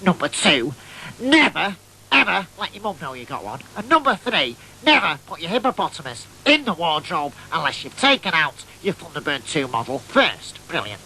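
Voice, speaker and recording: Comic figure: high, gravelly, piercing nasal lad, eager storyteller. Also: male voice, sing-song, moderate pace, pushed and bright, slight background noise, heavily acted, low-quality recording. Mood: excited. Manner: nasal, chatty, keeps asking "right?". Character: excitable boyish man telling tall tales.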